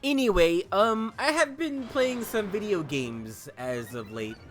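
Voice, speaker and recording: Casual, animated host, swears and laughs a lot over gameplay. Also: male voice, sits high, a little slow, faint music behind. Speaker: gaming video host.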